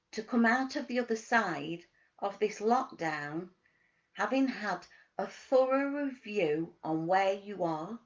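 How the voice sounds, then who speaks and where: A woman giving a motivational wellness talk as a coach, asking gentle questions and stressing key words. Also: medium pitch, lo-fi sound.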